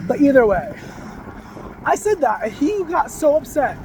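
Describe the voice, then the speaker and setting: A man's voice: very high voice, sing-song, unhurried, noisy background. A man vlogging casually about spiritual ideas, in a loose, rambling way full of fillers, now and then swearing bluntly. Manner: frank, sometimes swearing.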